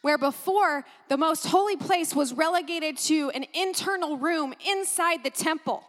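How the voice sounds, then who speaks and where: A woman preaching a sermon, animated and emphatic, exclaiming and repeating phrases for emphasis. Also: high-pitched, measured pace, hardly any pauses, big-room sound. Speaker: pastor.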